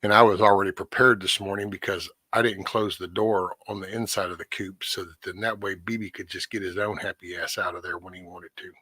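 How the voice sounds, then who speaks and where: A middle-aged man talks in a relaxed, meandering way to his viewers, full of folksy asides and casual swearing. His voice sits low, and the sound is close and dry with no room around it. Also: fairly quick, hardly any pauses, slightly rough, no room sound. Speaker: host of a morning livestream. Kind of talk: casual morning chat with viewers.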